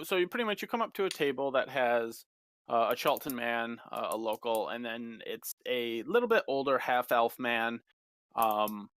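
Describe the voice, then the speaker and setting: A man running a tabletop game as game master, narrating casually and haltingly. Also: mid-range voice, fairly bright tone. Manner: casual, halting, many fillers.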